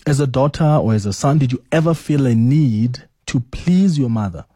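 A man hosting a radio call-in show, relaxed and full of fillers as he invites listeners to call in. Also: medium pitch, normal speed, no echo. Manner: easygoing, filler-heavy, inviting callers. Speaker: radio talk show host.

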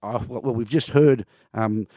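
Man, radio co-host, passionate, chatty, fillers, mid pitch, dry studio. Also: moderate pace, dark tone, no echo. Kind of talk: casual radio chat. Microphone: close studio mic.

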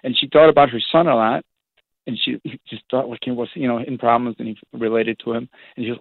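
A priest talks fast, piling up stories with restarts and animated asides. His voice comes through a thin, tinny phone line with no room sound at all. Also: medium pitch, creaky, no echo. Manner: rambling, animated storytelling with restarts. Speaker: priest, guest. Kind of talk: casual storytelling on a phone-in show.

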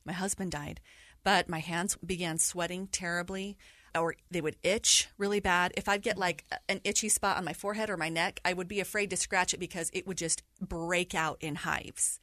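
A middle-aged woman telling a personal story in an interview, animated and laughing through hard memories. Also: fairly low pitch, normal speed, dry recording, studio quality. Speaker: guest sharing her story. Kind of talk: candid interview conversation.

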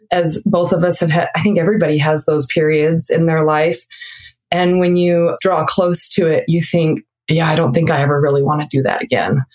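A woman in her thirties, a guest in an interview, telling a family story with frequent laughter. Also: low-pitched. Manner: lively retelling with frequent laughter. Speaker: interview guest, mother of six.

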